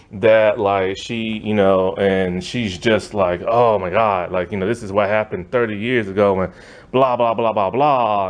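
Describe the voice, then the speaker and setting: A man giving a casual, rambling movie review rant, loose and exasperated, with lots of filler words. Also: lowish voice.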